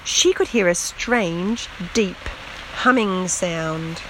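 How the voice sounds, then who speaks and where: Woman reading a kids story really slowly, bit high voice, soft rain on the roof behind. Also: noisy background. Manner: slow, gentle, expressive read-aloud.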